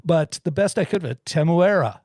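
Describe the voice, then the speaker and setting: A man with a somewhat high voice talks through a film synopsis in a relaxed, rambling way, laughing often and restarting his sentences. The sound is dry and close, with no room around it. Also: a little slow, no room sound. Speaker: podcast co-host reviewing a film. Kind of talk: casual chat.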